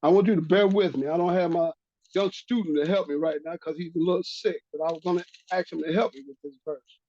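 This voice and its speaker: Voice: mid-range voice, steady tone, quick pace, mellow. A religious teacher giving a bible lesson, reading verses aloud and repeating key phrases for emphasis. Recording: dull lo-fi recording.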